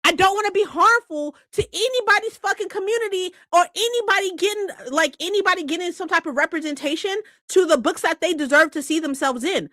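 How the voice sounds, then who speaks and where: A woman's voice: extremely high pitch, a little fast, hardly any pauses, dry recording. A woman book vlogger ranting in a heated, profane, casual way about reader comments. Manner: heated, profane, animated rant.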